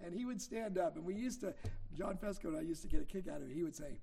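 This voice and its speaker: High-voiced middle-aged preacher. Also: male voice, quick pace, creaky, dark tone, husky. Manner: conversational teaching with anecdotes. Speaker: minister. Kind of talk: sermon.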